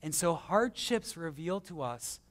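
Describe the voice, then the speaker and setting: A man preaching a conversational sermon as pastor, swinging between emphatic and hushed, with self-deprecating stories. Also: a little high, expressive, measured pace. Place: church.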